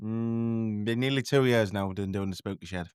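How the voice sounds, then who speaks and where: A man's voice: lowish voice, moderate pace, a little mellow, clean tone, no room sound, studio quality. A man talking as a podcast guest in a casual chat, rambling and self-deprecating, often tripping over his words.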